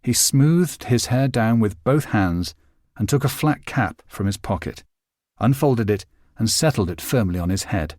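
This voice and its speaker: Expressive male audiobook narrator. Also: on the low side, no room sound, studio quality. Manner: measured, expressive storytelling. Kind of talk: scripted narration.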